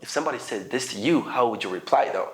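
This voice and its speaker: A man's voice: medium pitch, fast talker, slight background noise. A man teaching everyday English phrases to learners, acting out each example and checking in with "okay?" as he goes. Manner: animated, acts out example phrases, often asks "okay?".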